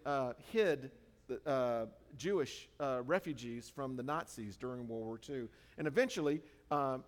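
A man delivering a sermon in a conversational, informal way, full of fillers and self-corrections. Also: on the high side. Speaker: preacher. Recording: reverberant hall.

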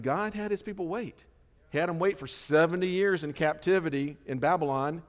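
A middle-aged man preaching a sermon, lively and conversational, acting out the voices he quotes. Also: on the high side. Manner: animated storytelling, acts out quoted voices. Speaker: pastor. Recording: long hall reverb.

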